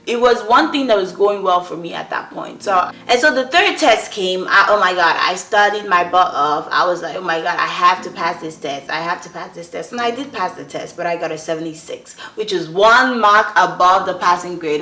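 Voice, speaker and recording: A woman's voice: lowish voice, normal speed, hardly any pauses, sharp tone. A young woman from Nigeria, earnestly telling a personal story to her viewers and often checking in with them. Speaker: vlogger. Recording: roomy echo.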